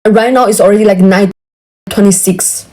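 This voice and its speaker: A woman whose first language is Tibetan, venting to a friend on a phone call in an animated, exasperated way with lots of fillers. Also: mid-range voice, a little fast. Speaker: vlogger.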